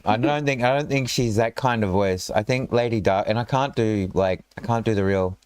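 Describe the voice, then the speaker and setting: A man's voice: fairly low pitch, normal speed, few pauses, clean tone, dry recording. Rambling, joking male stream host. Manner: rambling, joking, self-interrupting. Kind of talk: casual chat.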